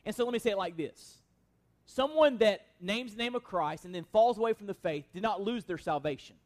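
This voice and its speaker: A man's voice: high-pitched, lively intonation, a little fast. A man pastor delivering an expository sermon, earnest and emphatic, posing rhetorical questions to the congregation.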